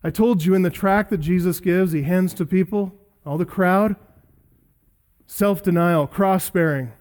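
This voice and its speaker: Man, pastor, sermon, higher-pitched voice, emphatic, repeats and slows on key words. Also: darkish tone. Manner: emphatic, stretches key words slowly and builds in repeated lists. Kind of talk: expository sermon.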